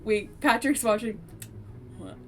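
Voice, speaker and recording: A woman's voice: on the high side, unhurried. A woman narrating a tabletop game as game master, often laughing as she talks. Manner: giggly, bursts of laughter.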